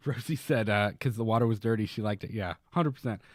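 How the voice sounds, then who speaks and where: A man's voice: fairly low pitch, a little fast, no echo, clean studio sound. A man co-hosting a podcast, telling a long story in casual chat, rambling with many fillers and restarts. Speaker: podcast co-host.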